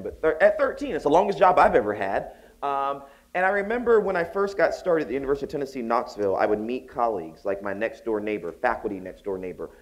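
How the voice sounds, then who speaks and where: A man from the Southern United States giving a conference keynote, telling stories in an animated, joking way with acted voices. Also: medium pitch. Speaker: keynote speaker. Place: conference hall.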